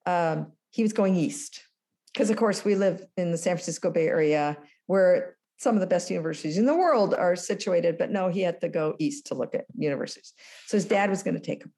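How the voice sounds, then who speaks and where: A woman in her sixties, a guest in an interview, telling a story with lively acted-out dialogue. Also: fairly low pitch, fairly quick. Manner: animated storyteller, acts out dialogue. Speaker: guest, former business school lecturer.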